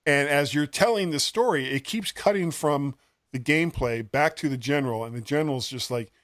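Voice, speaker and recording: A man's voice: a little high, fairly quick, fairly bright tone, dry recording, studio quality. A man co-hosting a casual tech podcast, rambling and chuckling as he recommends a game, poking fun at himself. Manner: rambling, chuckling, self-deprecating. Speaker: podcast co-host.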